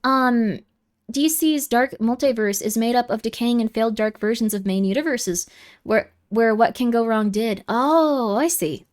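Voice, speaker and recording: Her voice a little high, a streamer chats loosely while going through comments from viewers. She wanders from topic to topic, lively and easily riled.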